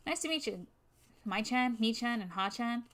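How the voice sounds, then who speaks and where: A breezy, friendly young highwayman in a fan-game story, read by a woman. He greets people lightly, a little higher than the reader's usual voice. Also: lively intonation, normal speed, fairly bright tone. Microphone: new microphone.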